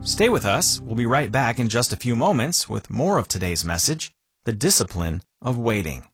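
A male radio announcer reading a scripted program break in a steady, clear way. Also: mid-range voice, normal speed, no echo, soft background music.

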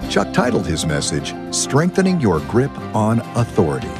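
A man reading a scripted radio introduction in a measured announcing manner. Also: fairly low pitch, huge pitch swings, creaky. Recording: music bed under the voice.

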